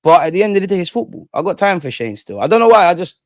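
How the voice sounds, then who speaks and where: A man's voice: sits high, sing-song, very fast, dry recording, studio quality. A young man with a London accent, hosting a casual live chat with slang and reading out viewer comments. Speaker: livestream host.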